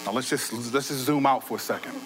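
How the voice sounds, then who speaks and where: A man preaching a sermon in a conversational way, his voice swinging between loud bursts and quiet, low asides. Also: brisk, background noise. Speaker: pastor.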